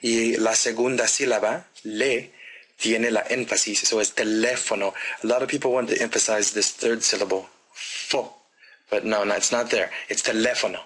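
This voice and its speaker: A man teaching a grammar lesson, talking slowly and deliberately and pausing for the listener to repeat after him. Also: lowish voice, fairly even intonation, a bit bright, slightly rough, rough recording. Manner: slow, deliberate drilling with pauses for repetition. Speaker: Spanish teacher.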